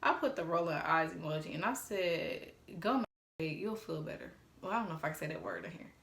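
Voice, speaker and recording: A woman's voice: lowish voice, expressive, brisk, gravelly, a bit bright, echoey room. A woman in her twenties telling a casual storytime vlog, blunt and sassy and swearing freely. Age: 20s. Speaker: storytime vlogger.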